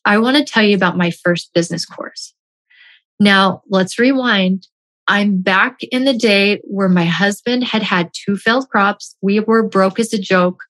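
A woman's voice: medium pitch, a little slow, fairly bright tone. A woman telling a personal story as a motivational speaker, stressing her points by repeating key phrases.

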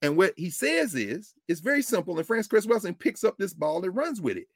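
A middle-aged man lecturing as a professor and show host, preacherly, with vernacular speech and big swings between loud and low. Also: very animated, brisk, no echo, studio quality. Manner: uses African American vernacular. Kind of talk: lively lecture to an audience.

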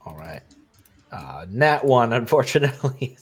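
A man narrating as game master while losing his voice, relaxed, with many fillers. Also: medium pitch, takes it slowly.

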